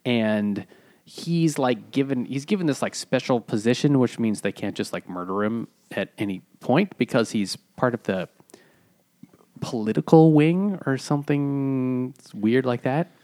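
A man's voice: mid-range voice, a little slow, dark tone, dry recording. A man co-hosting a casual book podcast, talking hesitantly with many fillers. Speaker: podcast co-host. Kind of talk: casual chat.

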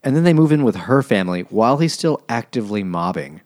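A man with a low voice recounts a story in a relaxed podcast chat. His humor is dry, and he drops wry asides. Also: quick pace. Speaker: podcast co-host. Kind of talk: casual chat.

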